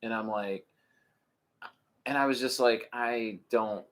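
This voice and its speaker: A man in his thirties co-hosting a podcast in casual recap chat. He is animated, swears freely and drifts into tangents. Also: mid-range voice, measured pace. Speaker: podcast co-host.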